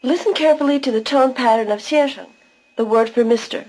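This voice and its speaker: A woman's voice: fairly high pitch, a little fast, a little mellow, low-quality recording. A woman giving scripted narration for a language course, patiently explaining pronunciation step by step.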